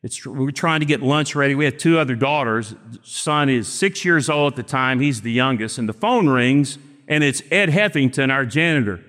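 A man, preaching a sermon and telling stories with acted-out dialogue and slow, emphatic phrasing. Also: mid-range voice, a bit bright. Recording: long reverb of a church hall.

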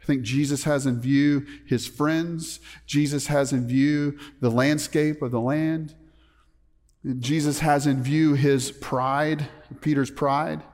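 A man's voice: on the high side, fairly even intonation, slow, darkish tone. A man preaching a sermon as a pastor, emphatic, often putting questions to the congregation. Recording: long reverb of a large hall.

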